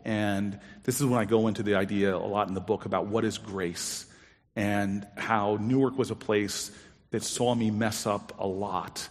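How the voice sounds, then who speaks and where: A man telling a personal story to an audience, acting out the quoted dialogue with big jumps in his voice. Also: lowish voice. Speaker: storyteller on stage. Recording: long hall reverb.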